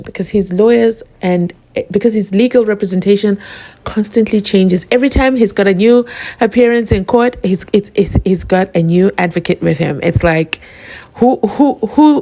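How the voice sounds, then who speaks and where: A woman's voice: medium pitch, gravelly, a little mellow. A woman hosting a casual commentary vlog, asking rhetorical questions and laughing often. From South Africa. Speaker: channel host.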